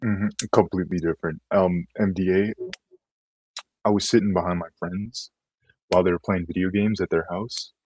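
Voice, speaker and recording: Male guest, very low and husky, loose rambling delivery, dry sound. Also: steady tone, moderate pace, a little mellow, poor audio. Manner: rambling, trailing storytelling. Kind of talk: casual conversation.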